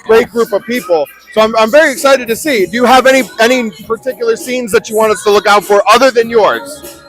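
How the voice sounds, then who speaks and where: A man's voice: very high voice, brisk, fairly bright tone, rough recording. A man hosting a live-streamed red carpet, enthusiastic and stumbling over his words. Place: outdoor red carpet event. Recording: live stream with faint music behind.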